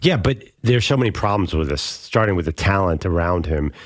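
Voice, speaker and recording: A man's voice: sits low, animated, brisk, dry recording. A man co-hosting a sports talk show, debating football in a wry, joking, conversational way from a studio.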